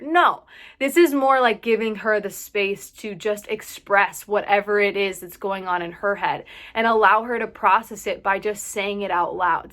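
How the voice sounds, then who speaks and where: Young woman, vlogger, casual advice, chatty, says "like" a lot, a bit breathless, middle pitch. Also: a bit bright. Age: young adult. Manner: chatty, fills with "like", sighs and laughs. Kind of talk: casual advice talk to camera.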